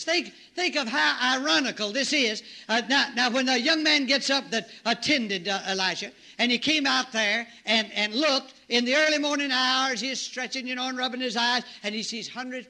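A middle-aged man preaching a sermon, telling the story in an animated way and breaking into shouts and exclamations. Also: very high voice, vocal fry.

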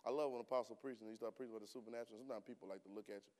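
In church, a man preaches to his congregation in a relaxed way, tossing out rhetorical questions before erupting into loud, forceful bursts. His voice is medium in pitch and steady in tone, and he speaks at a racing pace.

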